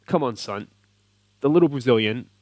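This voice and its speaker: Australian man, game commentary, excited and animated, medium pitch, dry close-miked voice. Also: moderate pace, dry recording. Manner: animated, cheering at the screen. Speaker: video game let's play host.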